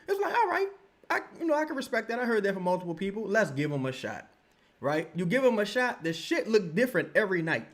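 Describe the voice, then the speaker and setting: A young man rants through a basketball live stream, swearing freely and punching each point with "right?". His voice sits a little high. It jumps all over the place as he gets worked up. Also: brisk. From Louisiana. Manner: animated, profane, repeats points with "right?". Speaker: sports commentary streamer.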